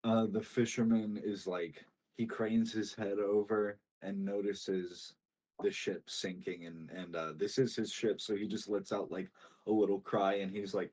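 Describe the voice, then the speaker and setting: Low-voiced young male game master. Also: little pitch movement, measured pace, a little mellow. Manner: casual, filler-heavy narration. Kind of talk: narrating a tabletop game.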